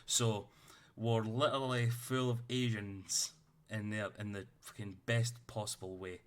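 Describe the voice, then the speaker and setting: A man's voice: fairly low pitch, level tone, unhurried, clean tone. A man running a tabletop game, chatting out of character in a rambling way and swearing freely. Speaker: game master. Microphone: streaming setup.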